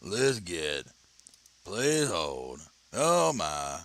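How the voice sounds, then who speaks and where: A man hosting a casual commentary channel, talking and reading an article aloud in a chatty, animated way, often stammering and restarting. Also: low voice, slow. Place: home, at his computer.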